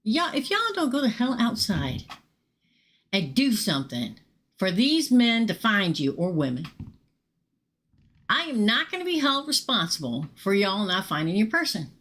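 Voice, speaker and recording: A middle-aged woman, telling a casual, animated story to viewers during a live tarot reading stream. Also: mid-range voice, measured pace. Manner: chatty, animated, swears casually and talks straight to viewers. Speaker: tarot reader hosting a live show.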